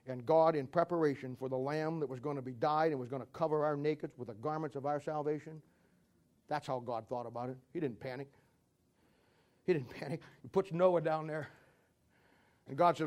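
A man's voice: on the high side, fairly quick, a little mellow. A man preaching a humorous sermon, telling stories in a folksy way, laughing at his own jokes and acting out voices.

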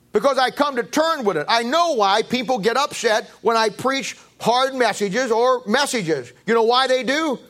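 Male pastor, high voice, preaching with rhetorical questions and wide pitch swings. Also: pushed and bright. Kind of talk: sermon. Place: church.

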